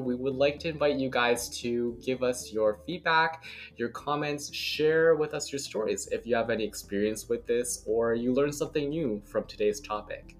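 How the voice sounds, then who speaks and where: A man co-hosting a casual podcast, talking in a relaxed way with lots of fillers. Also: mid-range voice. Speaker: podcast co-host.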